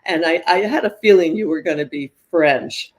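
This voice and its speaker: A woman's voice: on the low side, moderate pace. Older woman, podcast host, bubbly and giggly, chatty interviewer. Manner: bubbly, laughs often.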